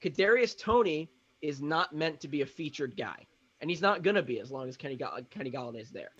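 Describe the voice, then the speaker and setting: A man's voice: fairly high pitch, animated, brisk, husky, dull audio. A man co-hosting a live sports draft reaction, anxious and talking himself through his opinions. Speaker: sports show co-host.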